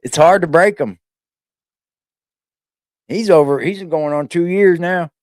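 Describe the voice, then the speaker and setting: This is a man streaming live with a slightly raised pitch, talking freely and swearing as he goes. His voice sits in a dry, close sound with no reverb. He rambles casually to his chat and to his cat. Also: unhurried, a little mellow. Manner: loose, profane, chatty, talks to his cat. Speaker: streamer host.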